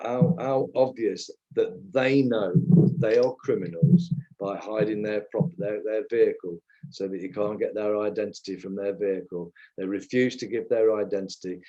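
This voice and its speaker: Low, dark-voiced man ranting. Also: muffled recording. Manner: ranting, indignant, swears. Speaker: livestreamer. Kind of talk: angry livestream commentary.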